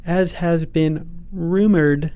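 A male podcast co-host trading wry, joking banter in loose, casual chat. His voice sits on the higher side for a man. He sounds playful and quick with a quip. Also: steady tone, warm tone, clear, resonant tone.

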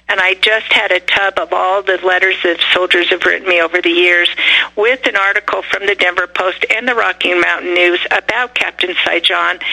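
An older woman, a radio guest calling in, telling personal stories in a blunt, animated way over a phone line. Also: medium pitch. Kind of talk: casual storytelling.

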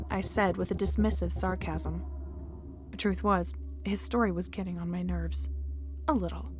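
A woman hosting a podcast, reading a scripted horror story in a steady, measured way. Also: mid-range voice, slight background noise. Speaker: podcast host and narrator.

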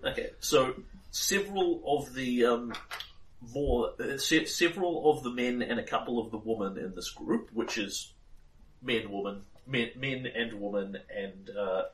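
A man's voice: mid-range voice, unhurried, a bit bright, slight background noise. A man running a tabletop game as game master, narrating loosely with frequent fillers. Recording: roomy sound, mic at a distance.

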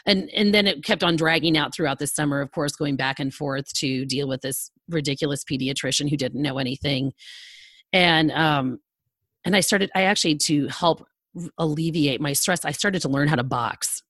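A woman's voice: deep voice, moderate pace, dry recording. A middle-aged woman, a podcast guest, telling a personal story in conversation, laughing often and acting out the dialogue. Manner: animated, laughing storyteller who acts out quoted dialogue.

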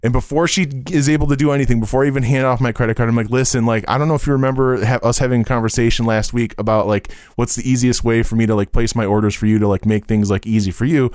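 A man's voice: mid-range voice, fairly even intonation, quick pace, hardly any pauses, darkish tone, no echo, clean studio sound. A man telling stories in a casual podcast chat, rambling with many fillers and swearing freely.

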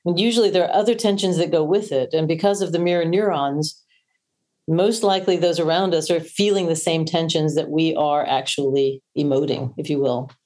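Low-voiced woman voice coach explaining. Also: a little fast. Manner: explanatory, demonstrates tense and relaxed breathing. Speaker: voice coach guest. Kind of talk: podcast interview.

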